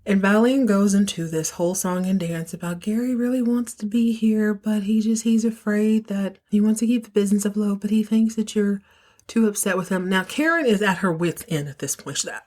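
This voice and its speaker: A woman hosting a podcast, casually recapping a soap opera episode and acting out the characters' lines with animated, emotional storytelling. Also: medium pitch, a little fast.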